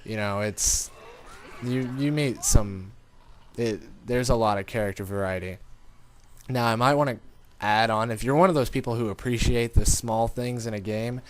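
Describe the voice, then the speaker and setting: A man's voice: mid-range voice, moderate pace, slight background noise. A man giving casual gameplay commentary, rambling and informal, talking straight to his viewers. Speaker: gaming commentator.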